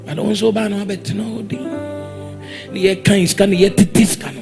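A man's voice: high-pitched, steady tone, a little slow, gravelly, over music. A man with a Ghanaian accent preaching a sermon in a church, exhorting the congregation and demanding they answer back. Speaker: pastor.

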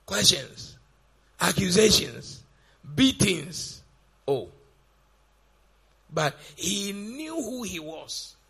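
A man preaching a sermon, firing off rhetorical questions in a gravelly, raspy voice. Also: sits high, big pitch swings, very slow, long pauses, sharp tone.

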